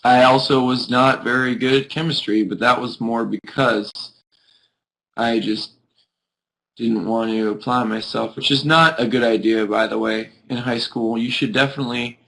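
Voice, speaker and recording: A sleepy, yawning young man hosts a live video chat, rambling casually with viewers and sprinkling "like" everywhere. His voice is medium-pitched, steady and slightly bright at a normal speed, on a rough recording.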